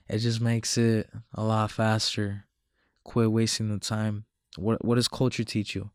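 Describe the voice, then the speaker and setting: A man's voice: fairly low pitch, flat delivery, unhurried, clean tone, dry recording, studio quality. A man talking casually to camera, slangy and profane, repeating himself and mocking others in quoted asides. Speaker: self-improvement commentator.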